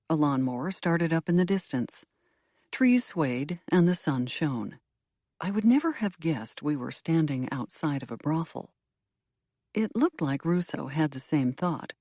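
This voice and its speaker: A woman narrating a first-person mystery audiobook in an expressive storytelling manner. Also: sits low, dry recording, clean studio sound.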